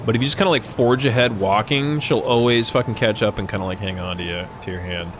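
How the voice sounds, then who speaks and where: A man's voice: lowish voice, quick pace, noisy background. A man streaming a video game live, commenting in a rambling, jokey and profane way.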